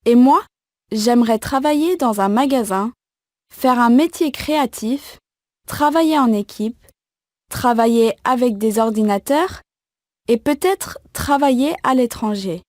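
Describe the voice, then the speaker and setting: A woman voicing a young woman student in a scripted textbook listening dialogue, speaking in a clear, measured way. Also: a little high, a little mellow, no echo, clean studio sound, close to an everyday voice. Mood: calm. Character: young woman student discussing job quiz.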